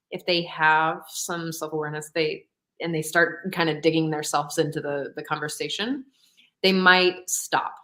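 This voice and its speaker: A woman co-hosting a podcast talk show chats animatedly, laughing often and acting out quotes. Her voice sits low but sounds pushed and bright.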